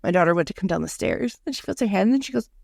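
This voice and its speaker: Chatty woman with a gravelly voice. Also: mid-range voice, animated, rapid-fire, a little mellow, no room sound, studio quality. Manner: chatty storyteller with quoted asides and laughs. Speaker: podcast co-host. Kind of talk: casual chat.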